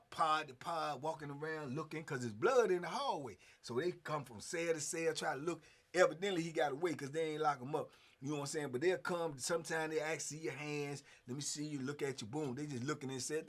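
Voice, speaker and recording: A man in his fifties with a high-pitched voice tells a story in a loose, casual way. He is animated, punching in sound effects and leaning on fillers as he goes. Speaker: host.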